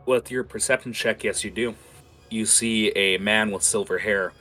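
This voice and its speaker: A man narrates as game master, pausing often on fillers. His voice sits low but rings bright. Faint music plays underneath. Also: steady tone. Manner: loose, filler-heavy narration.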